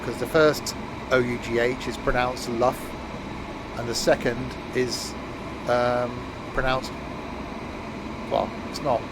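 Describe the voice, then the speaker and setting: A man's voice: medium pitch, slow pace, long pauses. A man casually chatting with his live-stream viewers while playing a game, making wry asides. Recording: steady background noise.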